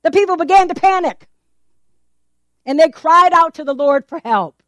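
A woman pastor preaching a sermon in a church, animated and acting out the voices of the people in her story, laughing often. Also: extremely high pitch, moderate pace, no echo, clean studio sound.

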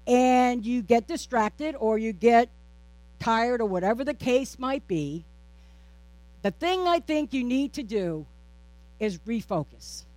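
Here a woman minister preaches in an even, recurring cadence, mixing rhetorical questions with playful self-mockery. The voice is fairly high and slow, and there's no echo.

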